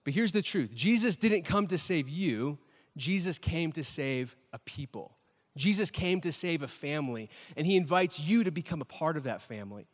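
A man's voice: a little high, lively intonation, moderate pace. A man in his thirties preaching a sermon in a chatty style, asking the audience questions and often checking in with "right?". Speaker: pastor. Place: church hall with a live audience. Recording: long reverb of a large hall.

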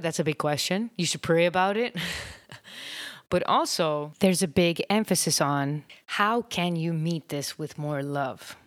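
A woman in her thirties talks through her thoughts on a solo podcast. Her voice sits low and her delivery is chatty, full of fillers and easy laughter. The sound is dry and close, with no room around it. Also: a little slow, no room sound. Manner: warm, chatty, laughs often, many fillers. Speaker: podcast host. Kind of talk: casual solo podcast talk.

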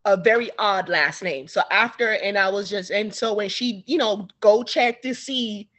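Woman author chatting in an interview, lively storyteller, does little voices for people in her story. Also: mid-range voice, normal speed. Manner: animated, acts out the people in her stories. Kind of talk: casual storytelling chat.

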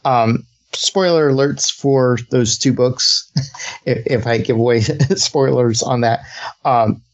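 A man's voice: medium pitch, slow pace. A young adult man hosting a casual podcast, rambling with many fillers and laughing often. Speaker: podcast host. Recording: dull lo-fi sound with faint hiss.

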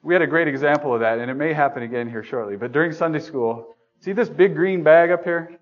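A man's voice: fairly high pitch, fast talker. Conversational male preacher, dull recording. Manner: conversational, asking the congregation questions; self-deprecating humor. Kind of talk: sermon. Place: church meeting room.

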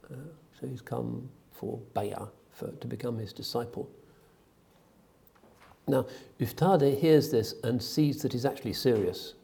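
A man telling a spiritual story in a relaxed talk, hesitant with frequent fillers and dropping in foreign phrases. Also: mid-range voice, a little slow, vocal fry. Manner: drops in phrases of another language.

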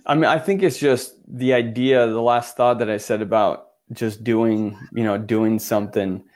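A man's voice: fairly low pitch, fairly even intonation, normal speed, a little mellow. A man from Utah, a photographer guest in an interview, telling his story earnestly with many restarts and filler words.

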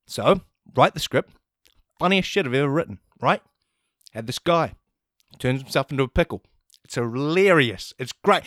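A man's voice: medium pitch, moderate pace, pauses often, no room sound, studio quality. A man hosting a comedy podcast, telling a rambling comic story full of swearing. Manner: profane, rambling, animated.

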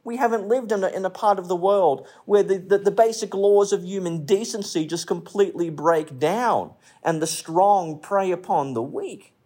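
A male preacher with a high, dark voice moves at a moderate pace, leaving few pauses. He talks to the congregation conversationally, repeats phrases, restarts sentences partway through, and tells stories with a light comic touch.

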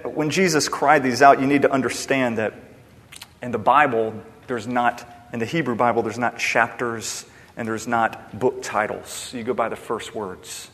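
A man preaching a sermon with passion, swinging between loud emphasis and hushed, quiet lines. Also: mid-range voice, steady tone, normal speed. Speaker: pastor. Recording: long hall reverb.

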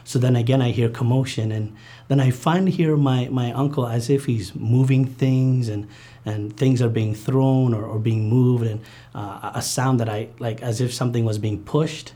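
A man recounting a painful childhood memory in an interview, earnest and halting, with many fillers and restarts. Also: medium pitch, fairly even intonation, warm tone. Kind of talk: personal testimony interview.

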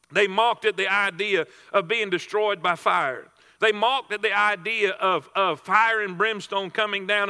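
A man's voice: sits high, pushed and bright, in a large hall. A man preaching a sermon to a congregation, emphatic, repeating phrases and restarting himself. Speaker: pastor.

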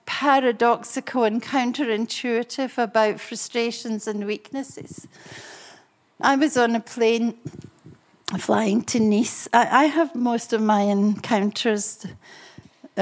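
An older woman, preaching and telling personal stories in a lively way, chuckling often. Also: on the high side. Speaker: speaker and couple therapist. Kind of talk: preaching with storytelling.

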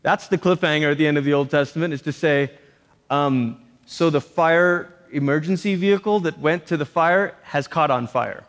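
A man preaching, his fairly high voice trailing a long reverb through the hall. He delivers his sermon with animation, slipping in jokey asides and putting on voices for quoted lines. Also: normal speed.

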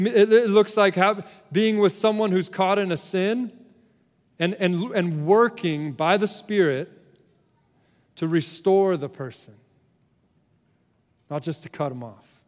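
A man in the pulpit, a pastor preaching a sermon with a fairly high voice that carries a long reverb through the hall. He talks in an earnest, conversational way, restarting his phrases often, and moves between emphatic peaks and quiet, low moments.

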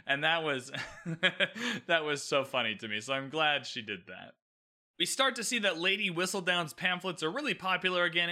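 Man, podcast host, casual recap chat, animated, bright and forceful tone, somewhat high voice. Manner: chatty, animated, self-deprecating with laughs.

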